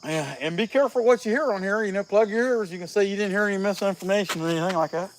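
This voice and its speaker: Over a noisy background, a middle-aged man with a high-pitched voice talks very fast while carving with a chainsaw on a livestream at his outdoor workshop. Laid-back, he reads viewer comments aloud, a bit sniffly from a cold.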